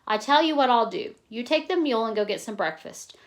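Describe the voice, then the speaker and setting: Woman reading calm farm father, slow soothing voice, higher pitch, louder. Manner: slow calming voice.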